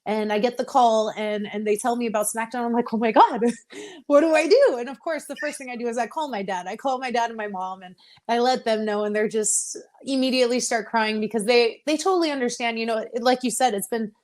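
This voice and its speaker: A young Texan woman who wrestles professionally speaks fast in a slightly high voice as a guest in a casual interview. She opens up emotionally and laughs often.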